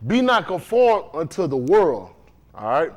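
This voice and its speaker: A man delivers a sermon in a high voice that rises and falls with lively energy. He talks loosely to the congregation, breaking off to ask whether they are following him. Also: a little slow, lo-fi sound. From Dade County, Florida. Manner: conversational, animated preaching with frequent questions to the congregation. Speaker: preacher. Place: congregation room.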